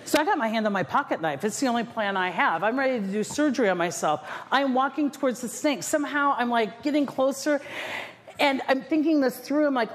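A middle-aged woman giving a motivational keynote talk to a live audience, telling stories in an animated, self-mocking, dramatic way. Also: a little high, fast. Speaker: motivational speaker. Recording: echoey hall with faint noise.

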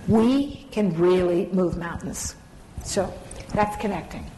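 A woman's voice: fairly low pitch, slow pace, warm tone, a little hiss or hum. A middle-aged woman speaking on a stage panel about leadership, telling stories animatedly and laughing often. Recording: long reverb of a large hall.

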